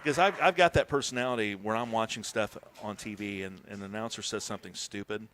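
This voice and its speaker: Bright-voiced excitable male commentator. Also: on the low side, quick pace, a little hiss or hum. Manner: excitable, swears, bursts into shouts. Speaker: tournament commentator. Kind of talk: casual live game commentary.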